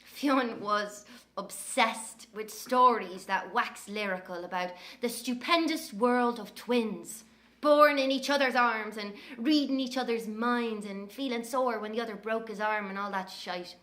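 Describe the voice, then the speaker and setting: An actress playing a sharp-tongued, brash young Irish woman telling stories in an audio drama monologue. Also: a little high, a little slow. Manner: brash, scornful, lively storytelling.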